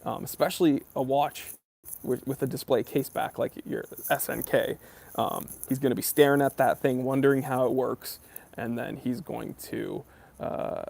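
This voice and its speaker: Creaky and a little mellow, this man's mid-range voice carries a casual live stream about watches. He reads viewers' comments aloud and answers in an unhurried, rambling way, with frequent ums and uhs.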